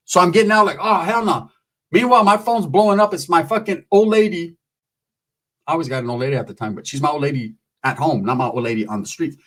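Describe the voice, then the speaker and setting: Middle-aged man, slangy profane storyteller, fairly high voice. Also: a bit bright. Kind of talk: comic street storytelling.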